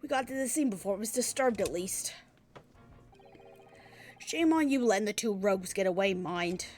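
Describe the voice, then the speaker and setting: A woman voicing a gruff, swaggering male police inspector with a rough put-on British accent. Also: medium pitch, expressive, moderate pace, darkish tone, lightly acted.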